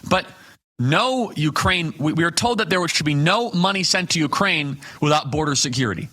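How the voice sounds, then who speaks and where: A man's voice: fairly high pitch, animated, normal speed, pushed and bright. A man hosting a live political talk show, delivering emphatic commentary built on rhetorical questions and punchy lists.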